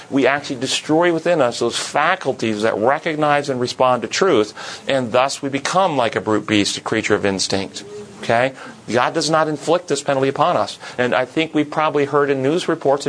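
A man's voice: medium pitch, normal speed, a bit bright, low-quality recording. A man leading a Bible study class, earnest, asking the group questions and repeating words for emphasis.

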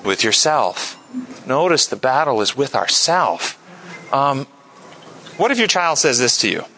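A man teaching a church group, asking lively questions and sometimes mimicking others in a high voice. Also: measured pace, rough recording. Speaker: church teacher leading a class discussion. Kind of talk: interactive sermon with audience questions.

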